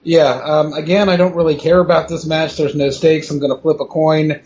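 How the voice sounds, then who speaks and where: A man's voice: fairly high pitch, steady tone, normal speed, a little mellow. A man speaking offhandedly and swearing casually as a podcast panelist. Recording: dull lo-fi audio with faint hiss.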